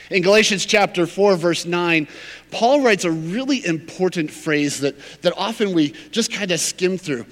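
A man preaching a sermon as pastor, telling a story with animated, acted-out quotes. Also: high voice, moderate pace, in a large hall.

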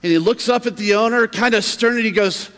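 A man's voice: sits high, fairly quick, fairly bright tone, clear, resonant tone, big-room sound. A male pastor preaching a sermon, reading Scripture and then talking to the congregation in a conversational way, asking them questions. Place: church sanctuary.

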